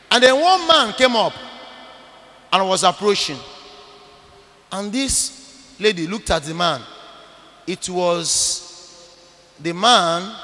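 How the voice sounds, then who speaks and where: A man, a Catholic priest, preaching a sermon emphatically, repeating phrases and breaking into sudden loud bursts. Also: sits high, in a large hall.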